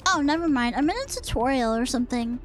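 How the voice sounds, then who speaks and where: A woman's voice: high-pitched, animated, fast, faint music behind. A woman streamer chatting casually and teasingly, rambling with lots of fillers as she talks to her chat. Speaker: VTuber streamer.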